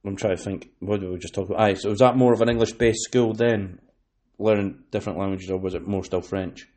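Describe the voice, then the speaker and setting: Scottish guy hosting a chatty podcast, lowish voice, rambles and restarts a lot. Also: fairly even intonation, fairly quick, warm tone. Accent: Scottish, West Lothian. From Scotland. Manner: rambling, many fillers and restarts. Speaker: podcast host. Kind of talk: casual chat.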